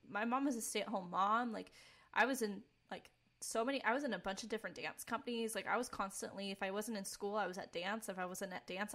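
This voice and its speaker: A woman's voice: medium pitch, fairly bright tone. Earnest young woman sharing testimony. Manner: earnest, candid, filler-heavy with frequent "like". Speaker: podcast co-host. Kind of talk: personal testimony, casual chat.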